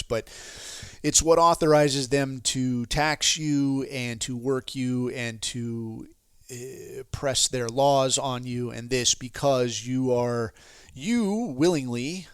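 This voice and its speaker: A man's voice: medium pitch, clear, resonant tone, no room sound, studio quality. A man hosting his own podcast, ranting casually in a rambling, profane, sardonic way. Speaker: podcast host.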